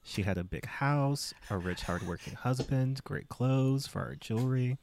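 A man's voice: mid-range voice, a little slow, vocal fry, darkish tone, a little hiss or hum. A man reading a book aloud as a podcast co-host, with playful emphasis. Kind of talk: comic read-aloud.

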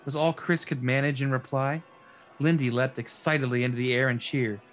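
A man's voice: medium pitch, little pitch movement, fairly quick, soft background music. A man co-hosting a podcast, casually reading a book aloud and joking, laughing often.

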